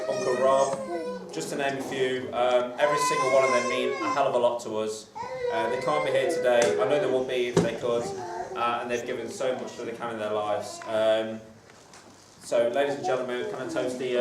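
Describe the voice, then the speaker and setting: A man's voice: mid-range voice, steady tone, brisk, heavy background noise. A man giving his groom's speech at a wedding reception, hesitant, with lots of fillers and jokes. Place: crowded reception hall. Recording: echoey hall, recorded from far off.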